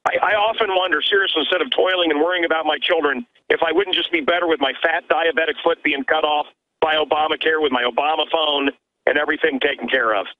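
A man's voice: on the high side, fairly even intonation, fast talker. Emphatic man on a tinny phone line. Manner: emphatic, stammering restarts. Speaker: radio host calling in as guest. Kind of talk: animated call-in conversation. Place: his own radio studio. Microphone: telephone line.

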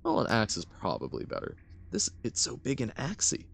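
A man streaming a game who chats in a loose, rambling way and pokes fun at himself. His voice sits low but moves a lot. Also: huge pitch swings, moderate pace, vocal fry, fairly bright tone, slight background noise. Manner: rambling, self-deprecating. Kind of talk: casual let's-play commentary.

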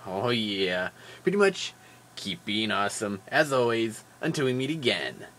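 A man's voice: fairly low pitch, unhurried, a little hiss or hum. Tired, jokey guy vlogging. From Wisconsin. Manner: animated, jokey, rambling, with fillers. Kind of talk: casual daily vlog chat.

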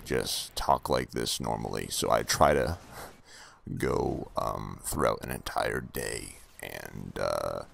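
A man talking over gameplay in a slow, deep, gravelly character voice he practices for voice acting. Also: a bit bright, a little hiss or hum, heavily acted. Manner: slow, low, murmured delivery. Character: deep low-voiced male character, menacing. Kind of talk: game commentary in a practice character voice.

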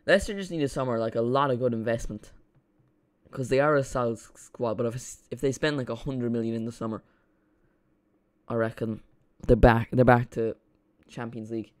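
A young Irish man chatting and rambling excitably through a live football watch-along stream. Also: medium pitch, moderate pace.

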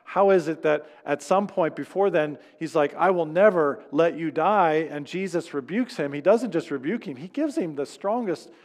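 A man's voice: fairly high pitch, expressive, normal speed, hardly any pauses, a little mellow, long reverb tail. A man preaching a sermon as pastor in a church, speaking conversationally and acting out quoted lines. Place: church sanctuary.

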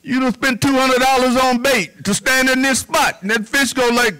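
Male pastor, high bright voice, preaching with hushed repetitions. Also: fairly even intonation, moderate pace, clean tone, low-quality recording. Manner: preaching with repetition, drops to a low hush on "whisper". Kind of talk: sermon.

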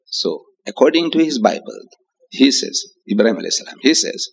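Older South African man, public lecturer, animated delivery that swings into high acted quotes. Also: fairly quick, breathy edge. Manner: animated, acts out quoted voices with rising pitch. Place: hotel lecture hall with audience.

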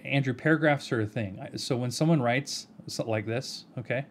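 A man giving an earnest, measured video response, addressing someone directly by name and pressing his points with rhetorical questions. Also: mid-range voice, slight background noise. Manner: earnest, argumentative, addresses the other person by name. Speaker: video commentator.

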